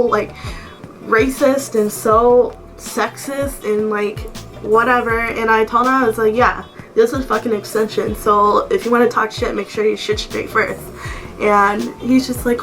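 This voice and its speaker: A young woman with a slightly high voice tells a story in a casual, irritated rant. She swears freely and keeps saying "like". Soft music plays faintly behind her. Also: normal speed, low-quality recording. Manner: animated, swears a lot, heavy "like" fillers. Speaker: vlogger. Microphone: camera mic.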